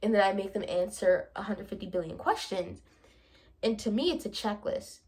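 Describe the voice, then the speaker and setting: A young woman vlogging in a casual, animated way, playfully acting out both sides of her conversations. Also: medium pitch, normal speed. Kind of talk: casual chatty vlog monologue.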